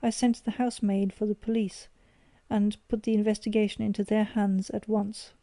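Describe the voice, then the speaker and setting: Woman, audiobook narrator, measured reading, dark warm tone, dry sound. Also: mid-range voice, little pitch movement, no room sound.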